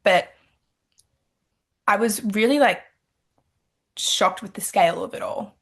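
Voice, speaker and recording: A young woman from Australia, a pageant titleholder, chatting in an interview and telling her story with lively quoted thoughts. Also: medium pitch, slow, creaky, slightly rough. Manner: animated storytelling, quoting her own thoughts. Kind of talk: casual interview chat.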